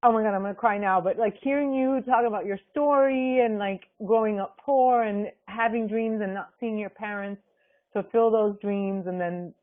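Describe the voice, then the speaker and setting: Woman, warm-hearted team leader gushing praise on a call; tinny line. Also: mid-range voice, normal speed. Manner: gushing, effusive, lots of fillers. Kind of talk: conference call chat.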